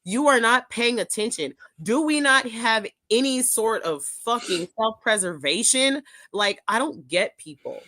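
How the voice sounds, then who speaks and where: A woman co-hosting a casual podcast, sick and coughing, ranting in a profane, animated way. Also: on the high side, a little slow, hardly any pauses, dry recording. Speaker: podcast co-host.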